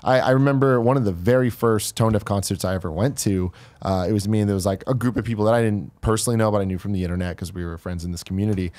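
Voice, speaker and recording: Podcast co-host telling a story. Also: male voice, fairly low pitch, racing, few pauses, darkish tone. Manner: storytelling, acts out quotes in a raised voice. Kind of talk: casual chat.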